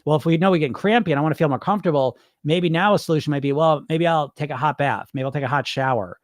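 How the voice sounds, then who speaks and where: Guy coach answering viewer comments, kinda high voice, rambles, swears a bit, dry sound. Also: fast talker, no echo. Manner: loose, rambling, swears casually. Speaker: weight loss hypnosis coach, podcast host. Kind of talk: casual live Q&A with viewers.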